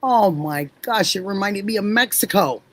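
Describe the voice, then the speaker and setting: A middle-aged woman hosting a livestream, chatting warmly with viewers, effusive and laughing often. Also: medium pitch, animated, moderate pace, poor audio. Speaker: livestream host. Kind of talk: casual chat with live viewers.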